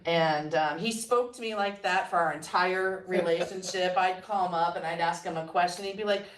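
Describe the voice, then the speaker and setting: A woman with a slightly low voice tells lively stories and acts out the lines of the people in them. Her voice sits a little back from the mic in an echoey room. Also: normal speed, hardly any pauses, slight background noise. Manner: animated storyteller, quotes others with laughs. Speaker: guest entrepreneur. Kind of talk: conversational storytelling. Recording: roomy sound, mic at a distance.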